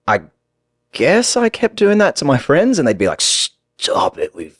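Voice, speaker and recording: An American man with an Australian-tinged accent, telling stories as a podcast guest in an animated, laughing way. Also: a little high, moderate pace, dry recording, clean studio sound. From United States. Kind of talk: casual storytelling.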